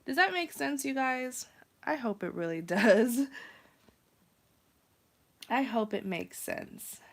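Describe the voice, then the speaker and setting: A woman's voice: on the high side, lively intonation, takes it slowly, vocal fry. A woman with a nasal, congested voice, hosting a casual tarot live stream, chatty and full of fillers. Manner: chatty, many fillers, laughs often. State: congested from travel.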